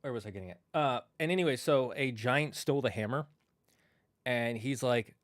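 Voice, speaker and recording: A man's voice: medium pitch, lively intonation, a little fast, no room sound, clean studio sound. A man streaming and chatting casually, telling old myth stories in a rambling, self-correcting way. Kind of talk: casual storytelling while streaming.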